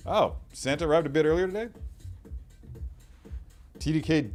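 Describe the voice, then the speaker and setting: A man's voice: fairly high pitch, animated, moderate pace, darkish tone, soft background music. A man hosting a casual livestream, reading out viewer comments in a chatty way. He often repeats himself and trails off into mumbled asides. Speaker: livestream host.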